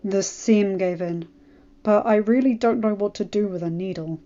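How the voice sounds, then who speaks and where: A woman's voice: medium pitch, moderate pace, warm tone, lo-fi sound, close to an everyday voice. A woman voicing a shy, startled teenage boy who speaks in a flustered, hesitant way.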